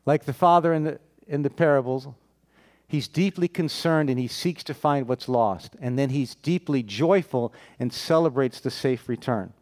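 A man's voice: mid-range voice, moderate pace, darkish tone. A man preaching a sermon, telling a Bible story, acting out the characters' lines and putting questions to his listeners.

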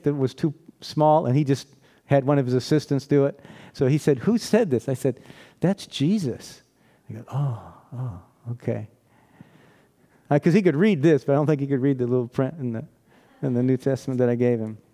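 Conversational preacher, higher-pitched man. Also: fast, mellow. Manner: conversational storytelling, frequent rhetorical questions, laughs often. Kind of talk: sermon.

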